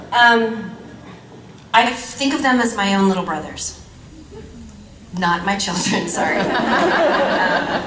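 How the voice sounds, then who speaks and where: A woman's voice: lowish voice, background noise. A woman, a guest actress on a convention panel, telling stories in a rambling, chatty way with frequent laughs and fillers. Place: large convention hall. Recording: echoey hall, mic at a distance.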